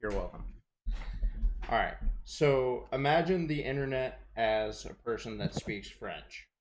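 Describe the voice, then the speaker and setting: A man's voice: mid-range voice, animated, a little slow, slight background noise. A man co-hosting a gaming podcast while streaming, teasing his friend and patiently explaining in casual chat.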